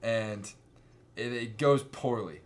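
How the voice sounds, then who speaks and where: A man casually recapping films for a co-host, rambling and slipping into quick silly voices for the characters. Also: mid-range voice, very noisy. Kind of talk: casual chat recapping movies.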